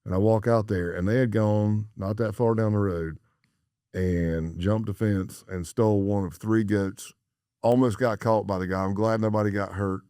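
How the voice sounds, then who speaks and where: A man's voice: fairly low pitch, steady tone, normal speed, dark tone, no room sound, clean studio sound. A middle-aged American man, a former undercover agent, telling a story as a podcast guest and acting out the dialogue he quotes. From United States.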